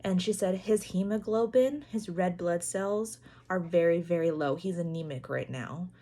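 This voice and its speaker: A young woman recounts a personal family story in her own video, speaking earnestly. Her voice sits a touch low for a woman, and she pauses often and reaches for "like" and "um" as she goes. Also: dark tone. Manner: earnest, halting retelling full of "like" and "um"; acts out others' lines in quoted dialogue. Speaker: parent telling a family story.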